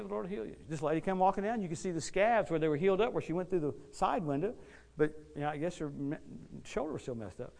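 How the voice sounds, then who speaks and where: Fast-talking animated male preacher. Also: on the high side. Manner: animated, dramatic swings between loud and hushed. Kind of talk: sermon storytelling.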